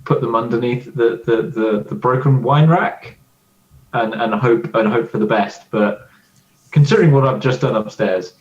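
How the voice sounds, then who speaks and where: A man's voice: medium pitch, normal speed, natural voice. A man voicing a wary, sensible runner in a tabletop game, speaking hesitantly. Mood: resigned. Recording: roomy, dull lo-fi audio.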